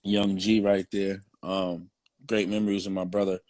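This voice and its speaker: A man's voice: low voice, level tone, moderate pace, a little mellow, no room sound. A young man, a former football player, telling his story in casual, slang-heavy, profane talk.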